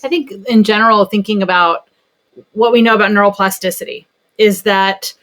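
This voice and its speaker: On a casual podcast, a woman who works as a pediatric therapist tells a story in an animated, chatty way. She has a mid-range voice and talks at a moderate pace.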